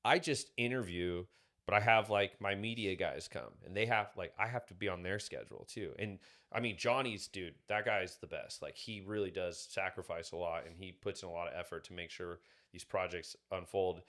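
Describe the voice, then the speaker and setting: Low-voiced man telling stories casually. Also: normal speed, fairly bright tone. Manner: rambling, filler-heavy storytelling. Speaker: podcast guest. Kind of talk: casual podcast conversation.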